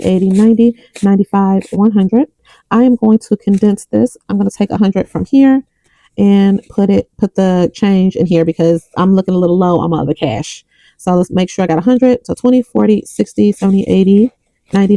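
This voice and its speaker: A young woman chats to her viewers while counting bills into envelopes, reading the numbers out one by one. Her voice is mellow and a little gravelly, and the sound is close and dry with no room around it. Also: medium pitch, fairly even intonation, a little fast, no room sound, poor audio. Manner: counts bills aloud, tells a story between counts. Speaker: budgeting vlogger. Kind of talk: casual chat while counting cash.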